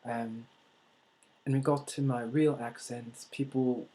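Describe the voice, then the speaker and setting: A man from the United States talking to camera in a vlog. He speaks in a deliberately unusual put-on accent and pauses often with fillers and restarts. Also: mid-range voice, fairly even intonation, warm tone, rough recording. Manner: hesitant, with many fillers and restarts. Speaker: vlogger. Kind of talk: casual talk to camera.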